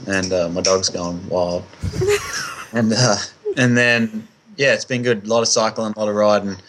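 An Australian man chats as a guest in a casual interview. His voice is low, and his answers are brief and hesitant, full of fillers. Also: fairly bright tone, a little hiss or hum. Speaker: guest racer.

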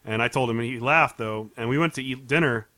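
A man's voice: mid-range voice, fairly quick, pushed and bright, dry recording. A man co-hosting a casual podcast, telling stories and laughing often. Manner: chatty storyteller, laughs often. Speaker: podcast co-host. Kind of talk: casual chat.

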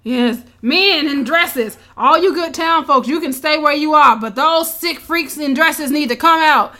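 Woman, fairly high voice, casual chat, animated storytelling, laughs often. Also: unhurried. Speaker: podcast co-host recapping a movie.

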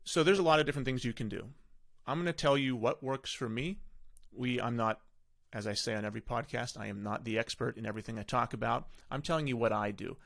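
A man's voice: medium pitch, fast, gravelly, fairly bright tone, no room sound, clean studio sound. A middle-aged man hosting a podcast, giving casual, rambling parenting advice full of self-corrections. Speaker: podcast host.

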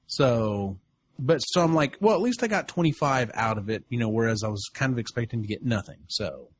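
A man co-hosting a podcast in casual chat, relaxed and telling anecdotes by quoting himself. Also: medium pitch, brisk, a little hiss or hum.

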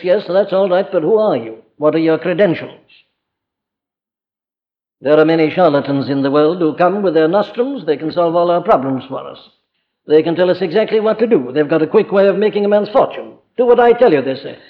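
A man's voice: on the high side, a little fast. A man preaching an earnest, emphatic sermon full of rhetorical questions, with an old lo-fi recording. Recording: dull lo-fi archive recording in a reverberant hall.

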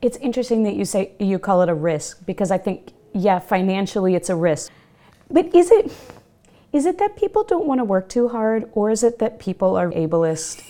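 A woman with a medium-pitched, mellow voice hosts a podcast interview at a moderate pace. She sounds animated and engaged, asking probing questions.

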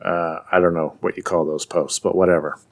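A man in casual chat, recapping a comic as a podcast co-host, animated and jokey. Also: deep voice, gravelly. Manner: animated, puts on quick silly voices while retelling.

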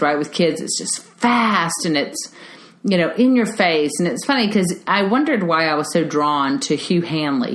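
A middle-aged woman speaks earnestly to parents, her voice pitched on the low side. She leans into key words with lifts of emphasis. The sound is roomy, with a clear echo around her. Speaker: early childhood educator and host. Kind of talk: casual talk to parents. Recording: echoey room.

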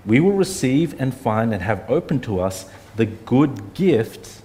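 A man's voice: mid-range voice, big pitch swings, unhurried, mellow. A man, preaching an earnest, conversational sermon full of rhetorical questions. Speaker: pastor.

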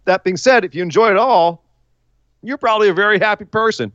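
A man co-hosting a podcast in casual chat, joking and animated, with quick asides. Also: high voice, no room sound, dull audio. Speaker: podcast co-host.

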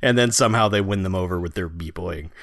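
A man in casual chat about a film, chiming in with wry jokes and quick quoted bits. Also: deep voice, a bit bright, no echo, clean studio sound. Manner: wry, chimes in with short jokey quotes. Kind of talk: casual movie recap chat.

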